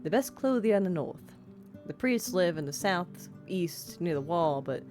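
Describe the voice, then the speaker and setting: A woman's voice: on the low side, darkish tone. A woman streamer narrating a video game, reading its text aloud and breaking off into self-deprecating asides. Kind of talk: let's-play narration and commentary.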